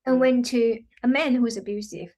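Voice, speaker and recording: Brief: woman healer explaining her practice, earnest, slightly higher pitch, loose filler-heavy phrasing. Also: fairly even intonation, normal speed, darkish tone. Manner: earnest, many "you know" fillers, acts out quotes. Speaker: quantum healing practitioner, guest. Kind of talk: explanatory interview talk.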